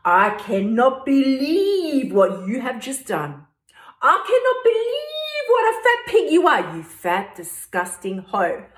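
Woman doing a nasty inner voice: high, mocking, echoey room. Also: wildly swooping pitch, takes it slowly, heavily acted. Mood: scornful. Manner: sneering, scornful. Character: cruel nagging inner voice, female.

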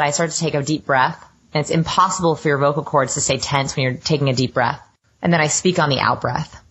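A woman's voice: deep voice, quick pace, fairly bright tone, husky, muffled recording. A woman guest on a podcast interview, explaining research with eager enthusiasm. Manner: enthusiastic, self-described science geek. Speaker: guest expert.

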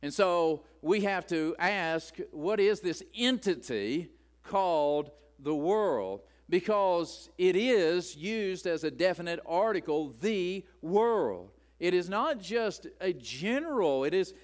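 A man's voice: high voice, lively intonation, slow pace. A man preaching a sermon, speaking emphatically and building his points through repetition. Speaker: pastor.

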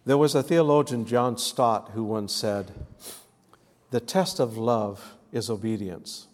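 A man's voice: mid-range voice, slow pace, a little mellow. A man preaching a sermon, telling a story and drawing responses from the congregation. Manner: storytelling, calls for audience responses. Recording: long hall reverb.

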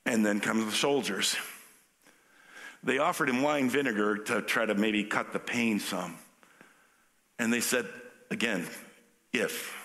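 Gravelly-voiced male pastor preaching. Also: fairly low pitch, unhurried, pauses often. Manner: animated, conversational preaching. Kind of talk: sermon.

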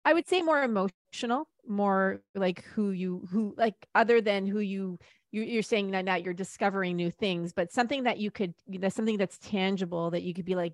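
A woman's voice: mid-range voice, moderate pace, no echo, clean studio sound. A woman hosting a podcast interview, asking thoughtful questions while searching for her words. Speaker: podcast host.

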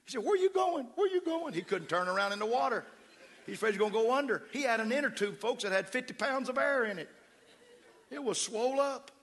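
Bright-voiced pastor telling a story. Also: male voice, high voice, fast talker. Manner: animated, humorous storyteller. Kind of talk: sermon storytelling.

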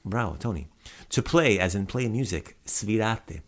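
Podcast host, male, fairly low voice, casual patient vocabulary drills. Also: animated, moderate pace. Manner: patient, repeats words for the listener to echo. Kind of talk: casual language lesson.

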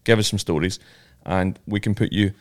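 A man's voice: deep voice, moderate pace. A man co-hosting a podcast, talking in a rambling, friendly way with many restarts. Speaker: podcast co-host. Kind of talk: casual chat.

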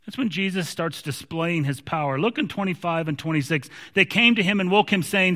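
High-voiced preacher in a reverberant hall. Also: male voice, brisk, hardly any pauses, bright, forceful tone. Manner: emphatic, repeats words when restarting. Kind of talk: sermon.

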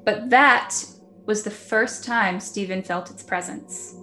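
Woman podcaster narrating a creepy tale in a relaxed, chatty way, mid-pitched voice over a faint hiss of background noise. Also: slow. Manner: chatty, laughs often, acts out quotes. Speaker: podcast storyteller. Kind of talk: casual storytelling.

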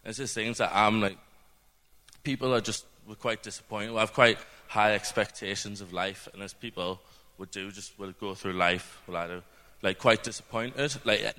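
Young man, very low voice, earnest rambling testimony, long hall echo. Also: sharp tone. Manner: rambling, earnest, many fillers. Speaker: speaker at a church gathering. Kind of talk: informal testimony talk.

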